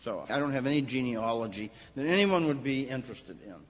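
A man preaching an expository sermon, animated and raising his voice on quoted lines. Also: medium pitch, fairly quick. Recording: dull lo-fi recording with long hall reverb.

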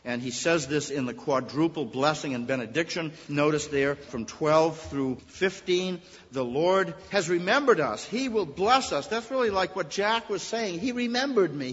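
A middle-aged male pastor delivering a sermon, swelling loudly on key points and dropping to a hush at others. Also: on the high side, expressive, moderate pace, few pauses. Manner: impassioned preaching with sudden swells and quiet drops. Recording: dull lo-fi sound in a long-reverb hall.

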